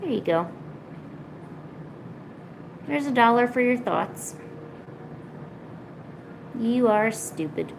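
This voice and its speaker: A woman with a slightly high voice, talking casually and playfully to her cats as she draws. Her chat is loose and teasing. A faint room noise hums behind her. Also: animated, takes it slowly, vocal fry, long pauses. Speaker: streamer. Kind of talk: casual chat while drawing.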